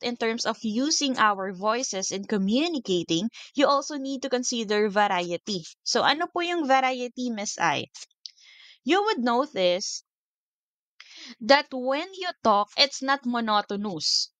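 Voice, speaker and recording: A woman's voice: fairly high pitch, very animated, a little slow, a bit bright, dry recording. Filipino woman teacher asking "okay?" often. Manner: code-switching, frequent "okay?" checks. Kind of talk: recorded video lecture.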